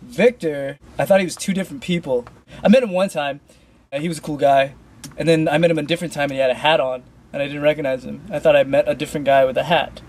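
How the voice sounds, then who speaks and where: A young man answering fan questions in a relaxed, rambling way that is full of fillers. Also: on the high side, quick pace. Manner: laid-back, loose, full of "like" fillers. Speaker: dance crew member answering fan questions. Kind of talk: casual Q&A.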